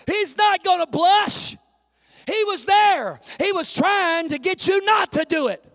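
A man preaching a sermon to his congregation as pastor, swinging from shouts to soft asides, calling listeners "honey" and laughing at his own jokes. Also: extremely high pitch, expressive, a little slow.

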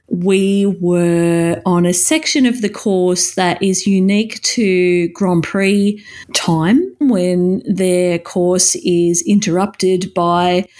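A woman's voice: lowish voice, a little mellow. Giggly chatty woman. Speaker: podcast co-host. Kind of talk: casual chat.

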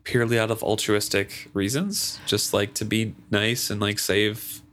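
A man with a somewhat low voice co-hosting a casual book discussion podcast. He rambles a bit, restarting his sentences and leaning on fillers as he thinks aloud. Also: steady tone, unhurried, fairly bright tone, slight background noise. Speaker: podcast co-host.

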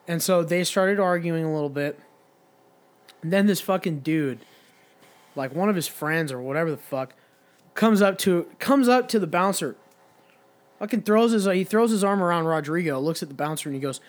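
A man's voice: high-pitched, animated, normal speed. A young man casually telling a long, profane bar story on a podcast, quoting the people in it. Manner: profane, rambling anecdote with quoted voices. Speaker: podcast co-host.

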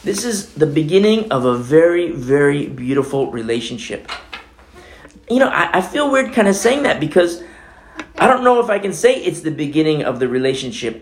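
A man's voice: on the high side, roomy sound, a little hiss or hum. A man preaching a conversational sermon as the pastor of a church, talking through a scripture passage with casual asides.

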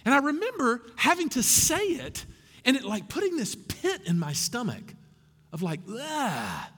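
A man preaching a sermon as pastor, animated and conversational with asides to the congregation. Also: very high-pitched, normal speed, big-room sound.

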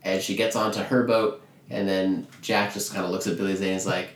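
A man casually recapping a film plot, acting out the characters' lines with lively voice changes. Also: deep voice. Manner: animated retelling, acting out lines with quick voice changes. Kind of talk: casual movie recap chat. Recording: roomy echo.

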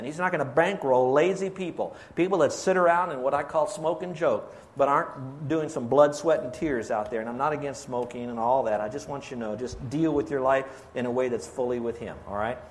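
A pastor preaching a sermon, asking his congregation questions and drawing out key words slowly. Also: medium pitch.

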